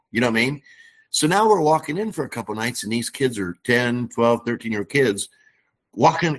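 A man's voice: mid-range voice, a bit bright. A middle-aged man telling a church story in casual chat, animating the quoted dialogue. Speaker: guest.

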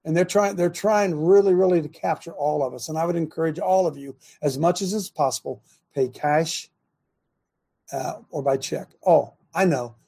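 A man's voice: a little high, normal speed, mellow, breathy edge. An older man hosting a talk show, speaking emphatically, repeating himself and laughing in disbelief. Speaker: host. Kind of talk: talk radio commentary.

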